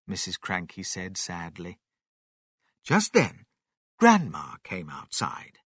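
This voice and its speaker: Brief: male storyteller, slow and animated, bright close-miked dry read. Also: deep voice, husky, dry recording. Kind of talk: children's story reading.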